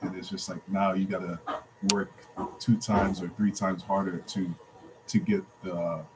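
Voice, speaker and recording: A man's voice: low voice, little pitch movement, measured pace, heavy background noise. A man joining a video call discussion, speaking hesitantly with many ums and restarts. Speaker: call participant.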